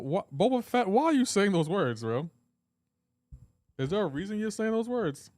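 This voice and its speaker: A man's voice: high voice, very animated, moderate pace, long pauses, a little mellow, no room sound, studio quality. A man hosting a live game stream, joking around in casual chat and answering his viewers' comments aloud.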